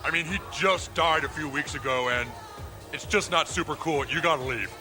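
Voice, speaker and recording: An actor playing Satan as an awkward, laid-back party host in a comedy sketch. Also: male voice, on the high side, moderate pace, over music, close to an everyday voice. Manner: slack, awkward dude talk.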